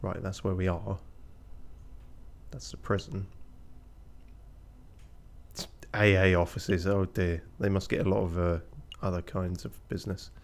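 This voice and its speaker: Low-voiced man muttering game commentary. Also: level tone, moderate pace, vocal fry, slight background noise. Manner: muttering, wry asides. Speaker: let's play streamer.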